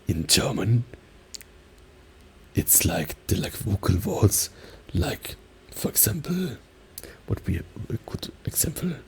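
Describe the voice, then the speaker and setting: A man talking softly and slipping into whispers in a soft-spoken ASMR video, often padding with "like" as he explains. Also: on the low side, gravelly, a little hiss or hum. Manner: alternates soft talking and whispers, many "like" fillers. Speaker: ASMR creator. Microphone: binaural mic.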